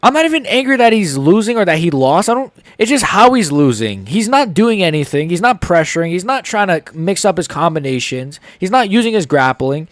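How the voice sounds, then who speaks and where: Young male fight-channel host, angry live reaction rant, lively swinging pitch, close dry sound. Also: fairly quick, hardly any pauses, no room sound. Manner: heated, ranting, swearing.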